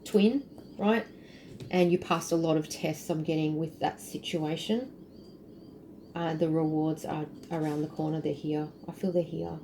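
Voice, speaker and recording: A woman's voice: lowish voice, mellow, a little hiss or hum, rough recording. A woman giving a casual spiritual tarot reading, chatty and intuitive, trailing off with fillers, sounding tired. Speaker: tarot reader.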